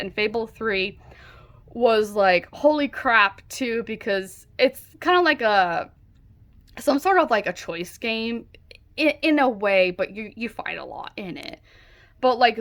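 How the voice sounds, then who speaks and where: A woman talking to camera at home in a loose, rambling vlog style. She gets excited easily and leans on "like" between thoughts, in a voice a little higher than most. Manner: rambling, excitable, heavy use of "like". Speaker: book vlogger. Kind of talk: casual vlog chat.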